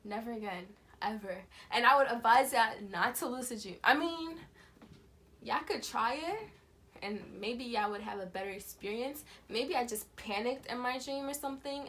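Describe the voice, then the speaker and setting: A young woman vlogger telling a storytime tale in casual, slangy speech, acting out the voices of the people in it. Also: on the high side. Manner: animated storytelling, acts out quoted voices. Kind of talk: storytime vlog.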